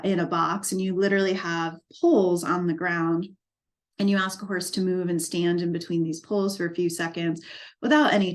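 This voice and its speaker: A middle-aged woman speaks in a slightly low voice. She tells her own story for a documentary interview, earnest and reflective, with feeling close to the surface. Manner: earnest, reflective, emotionally moved. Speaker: equine life coach.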